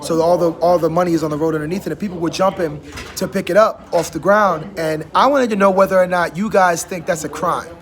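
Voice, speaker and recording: A man's voice: high-pitched, fairly even intonation, fairly quick. A man hosting a casual talk show in a barbershop, teasing his guests and laughing often. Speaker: host. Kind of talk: casual chat.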